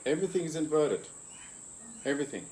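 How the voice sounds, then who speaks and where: A man hosting an interview as a consciousness coach, calmly explaining ideas step by step and posing rhetorical questions to the listener. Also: on the high side, brisk, slight background noise. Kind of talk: reflective interview talk.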